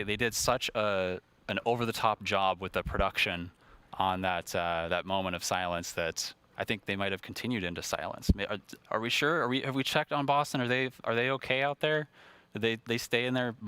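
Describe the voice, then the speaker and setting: A man's voice: on the low side, fairly even intonation, a little fast, pushed and bright, clear, resonant tone, no echo. A man hosting a live broadcast, ad-libbing in a chatty, self-deprecating way with frequent restarts. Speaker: livestream host.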